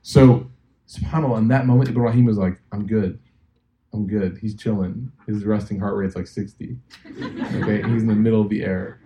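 Animated storytelling male lecturer, warm voice. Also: fairly low pitch, a little fast, slight background noise. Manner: animated storytelling, acting out quotes, jokey asides. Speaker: imam lecturer. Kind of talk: lively religious lecture to a live audience.

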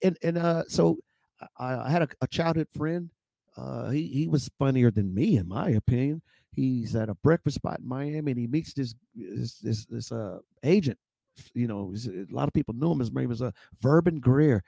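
A middle-aged man, a stand-up comedian, telling stories with lively impressions and laughter in a casual interview. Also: normal speed, gravelly, dry recording. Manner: acts out voices with high-pitched impressions and laughs. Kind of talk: animated storytelling.

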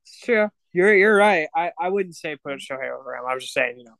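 A man's voice: a little high, brisk, gravelly, no echo. A man guesting on a sports podcast, chatting easily and mostly agreeing. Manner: easygoing agreeing, relaxed. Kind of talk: casual sports podcast chat.

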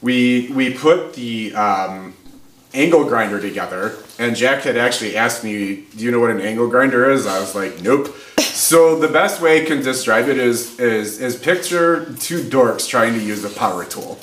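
A man's voice: mid-range voice, moderate pace. A man, a podcast guest, telling a story in casual chat, laughing as he goes and acting out the people in it. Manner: animated, laughs through his stories. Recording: roomy with faint background noise.

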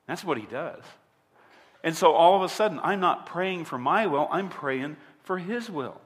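A man's voice: fairly high pitch, lively intonation, normal speed, big-room sound. A man preaching a sermon as a pastor, emphatic and asking his listeners direct questions. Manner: emphatic, asks the audience rhetorical questions.

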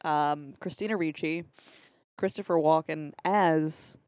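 A woman's voice: deep voice, takes it slowly, a little mellow, no room sound, studio quality. A woman in her thirties, co-hosting a casual podcast chat with jokey, swearing banter. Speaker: podcast co-host.

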